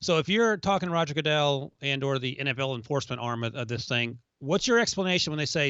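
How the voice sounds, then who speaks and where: A male podcast co-host who talks fast in a smooth, clear voice, dry and teasing as he fires off questions. The audio is dry and slightly dull. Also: mid-range voice, expressive, a bit bright, no echo. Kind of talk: casual sports podcast chat.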